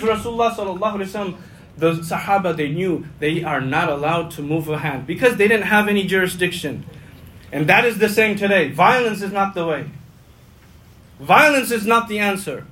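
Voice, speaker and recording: A male imam giving a Friday sermon, passionate, swinging between loud emphatic lines and hushed low ones, repeating key phrases. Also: rough recording.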